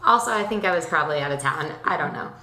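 A young woman co-hosting a casual chat, telling stories in an animated, chatty way. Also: deep voice, fast talker, slight background noise. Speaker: podcast co-host. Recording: roomy echo.

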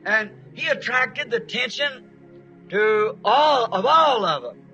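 A man's voice: very high voice, lively intonation, slow pace, bright, forceful tone, highs cut off, soft background music. A man preaching a sermon, telling a folksy story with emphatic, rising outbursts.

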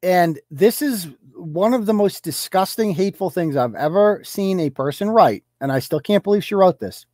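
A man's voice: high voice, lively intonation, moderate pace, few pauses, darkish tone, no echo, clean studio sound. Profane, heated male podcast ranter. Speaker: podcast host. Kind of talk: ranting political commentary.

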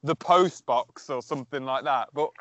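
A man's voice: medium pitch, moderate pace, fairly bright tone. A man co-hosting a podcast in casual chat, playful and teasing, stammering now and then. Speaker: podcast co-host.

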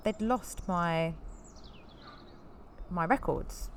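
A woman in her thirties hosts a podcast, speaking candidly and at length in a rambling, heartfelt way. Her voice sits a little low, and it livens up whenever she acts out what someone said. A faint hiss of room ambience sits under her voice. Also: drawn-out words. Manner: candid, rambling, animated when quoting others. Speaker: podcast host. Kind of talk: personal storytelling.

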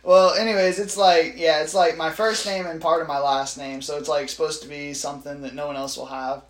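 A man with a noticeably high voice, chatting loosely on a podcast, laughing a lot and swearing freely. His voice sounds roomy and echoey. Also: little pitch movement, a little fast. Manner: laughs often, swears casually. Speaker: podcast co-host. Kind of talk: casual chat.

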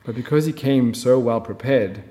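A man's voice: mid-range voice, normal speed, mellow, big-room sound. A man talking as a film director in an interview, chatty and full of fillers. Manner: chatty storyteller, many fillers. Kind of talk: conversational interview.

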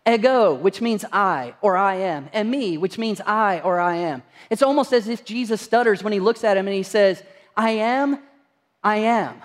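Pastor, male, high tenor, earnest sermon delivery, echoing church hall. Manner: earnest, rhetorical questions to the congregation. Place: church sanctuary.

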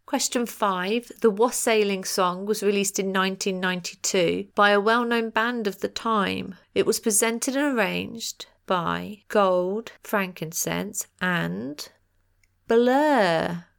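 A woman's voice: mid-range voice, a little slow, vocal fry, hardly any pauses, fairly bright tone, clean tone. Lady podcast host reading quiz answers, playful and chatty, cracks little jokes. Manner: chatty and playful, jokey asides.

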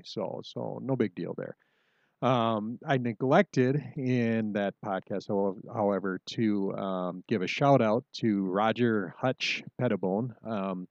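Low-voiced man hosting a language lesson. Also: gravelly, a little mellow, no echo, muffled recording. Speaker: language podcast host. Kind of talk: casual spoken language lesson.

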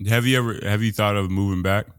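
A man's voice: fairly low pitch, fairly even intonation, fast talker, fairly bright tone, smooth. A man hosting a podcast in casual chat, hyped and playful, talking with a lot of energy. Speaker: podcast host.

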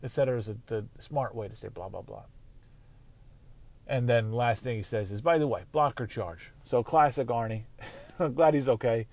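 A man's voice: mid-range voice, moderate pace, vocal fry, long pauses, darkish tone. A man hosting a casual solo sports podcast, rambling and swearing freely. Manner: rambling, profane, conversational. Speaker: podcast host.

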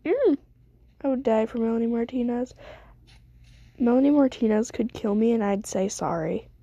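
A woman's voice: on the high side, expressive, moderate pace, mellow, dry recording, lo-fi sound. A young woman streamer giving rambling, self-deprecating casual commentary while she plays a game.

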